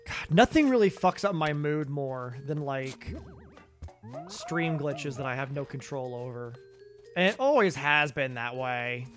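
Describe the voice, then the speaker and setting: A man chatting loosely while he plays a video game on stream, filling gaps with um's and dropping swears without much thought. His pitch sits in a middle range. Faint game music hums behind him. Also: lively intonation, measured pace. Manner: rambling, many um's, swears freely. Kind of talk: casual gameplay commentary.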